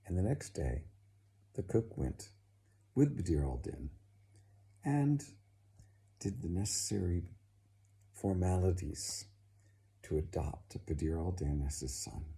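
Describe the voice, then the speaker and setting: Deep-voiced guy telling an old tale, slow and dramatic, lots of pitch swing. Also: expressive, warm tone. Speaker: storyteller. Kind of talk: storytelling narration.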